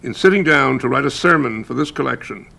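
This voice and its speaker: A man in his seventies from the United States, a novelist reflecting on his past in a measured documentary interview. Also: medium pitch, lively intonation, pushed and bright. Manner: gravelly, measured, stopping to restart.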